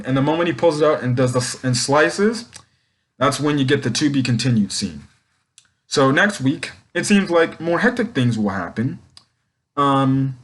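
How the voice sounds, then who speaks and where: A man's voice: mid-range voice, fairly bright tone. A young man casually recapping and reviewing an anime episode, rambling, with many ums and restarts.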